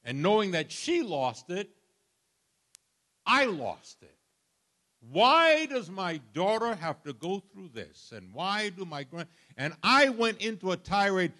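Animated older man preaching a sermon. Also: sits high, measured pace. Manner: animated, storytelling with humor and sudden shifts of volume.

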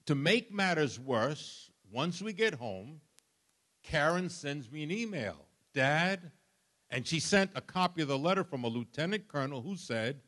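An older man preaches an animated sermon in a fairly high, unhurried voice. He tells humorous stories and shifts suddenly in volume.

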